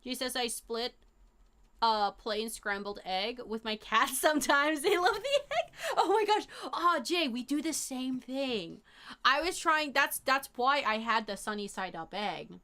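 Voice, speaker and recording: A young woman streaming live, chatting casually with her viewers in a rambling, animated way full of fillers and slang. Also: high-pitched, a little slow. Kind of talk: casual chat to a live chat audience.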